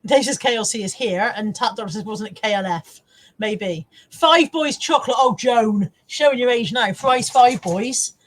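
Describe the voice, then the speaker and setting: A woman's voice: a little high, normal speed. A middle-aged woman hosting a casual live stream, chatting to viewers, laughing often and swearing freely. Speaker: live-stream host reading viewer comments.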